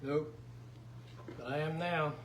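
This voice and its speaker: A man's voice: a little high, fairly even intonation, slow pace. A man with a Philadelphia-area accent, co-hosting in casual chat with short, joking replies. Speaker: co-host. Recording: roomy, background noise.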